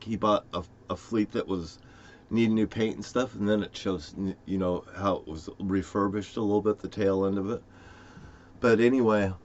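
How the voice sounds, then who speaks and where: A man rambling profanely to camera in a conspiratorial monologue, jumping from topic to topic with sudden loud outbursts. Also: lowish voice, muffled recording. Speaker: vlogger.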